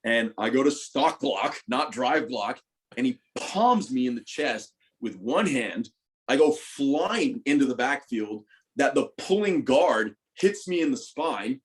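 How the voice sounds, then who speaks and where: A young man tells his story as an interview guest, animated and profane, with a voice at an ordinary middle pitch. His volume swings between loud bursts and hushed asides as he talks. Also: a little slow. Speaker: podcast guest, retired football player.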